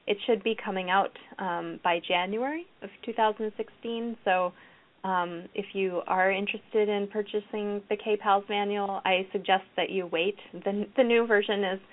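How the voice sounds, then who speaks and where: An educator presenting a reading program gives a recorded lecture to teachers in a middle-pitched voice. She explains classroom games and models them aloud as she goes, and the audio sounds thin and phone-like.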